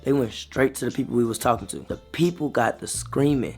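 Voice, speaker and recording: A young man tells a rambling, slangy story to his viewers in an easy mid-range voice. He gets animated as he retells what happened. Faint music runs underneath. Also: medium pitch, a little fast, hardly any pauses. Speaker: vlogger. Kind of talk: casual storytime.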